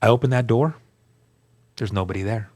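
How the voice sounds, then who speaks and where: A man's voice: fairly low pitch, fairly quick, a little mellow. A man recounting his personal testimony in an interview, telling the story earnestly and acting out the dialogue he quotes. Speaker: guest sharing testimony.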